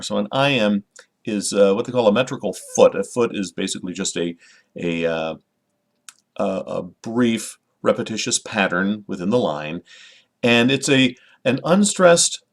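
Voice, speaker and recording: A middle-aged man, a children's poet, giving an informal, friendly lesson to camera, with many fillers and restarts. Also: medium pitch. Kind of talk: informal teaching talk to camera.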